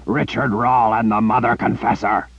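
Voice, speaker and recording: A man voicing a deep gravelly tyrant emperor. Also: animated, no room sound, highs cut off. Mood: menacing. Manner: slow, threatening, demanding. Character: menacing male tyrant emperor speaking through a young soldier.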